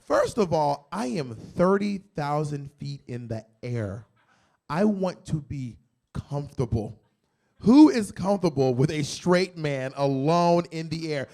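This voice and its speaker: Man comic, brash and boastful, higher voice, club stand-up. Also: creaky. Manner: brash, boastful and blunt, with sudden loud jumps. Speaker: stand-up comedian. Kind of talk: stand-up comedy with audience Q&A. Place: comedy club in San Diego.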